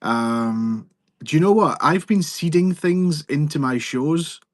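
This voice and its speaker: A man's voice: a little high, lively intonation, takes it slowly, no echo, studio quality. A man hosting a selling live stream, chatting in a rambling, joking way. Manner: rambling, jokey, self-interrupting. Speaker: livestream seller host. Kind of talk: casual live-stream chat.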